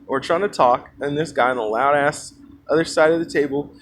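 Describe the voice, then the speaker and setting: A man's voice: fairly high pitch, fairly quick. Rambling man telling a story. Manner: rambling, full of fillers and asides. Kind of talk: casual storytelling. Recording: noisy background.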